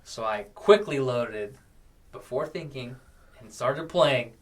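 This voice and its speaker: A young man co-hosting a podcast, telling a story in an animated, excitable way, saying "dude" a lot and swinging from loud to soft. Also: medium pitch, slow pace. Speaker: podcast co-host. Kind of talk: casual storytelling chat.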